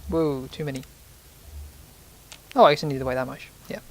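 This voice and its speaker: A man's voice: medium pitch, a little fast. A man giving rambling, casual commentary while playing a video game, sometimes swearing when startled. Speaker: let's play host.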